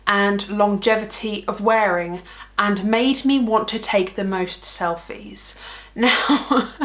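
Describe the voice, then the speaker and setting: Bubbly woman makeup vlogger gushing over stuff, mid pitch, jokes at herself. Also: a bit bright. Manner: gushing, bubbly, self-mocking. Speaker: beauty vlogger. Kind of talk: casual product ranking chat.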